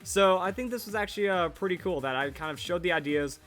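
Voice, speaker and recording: A man's voice: high-pitched, lively intonation, fast, fairly bright tone, soft background music. A man in his twenties chatting casually over his old videos, rambling and repeating himself with verbal tics. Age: 20s. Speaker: Pokemon YouTuber.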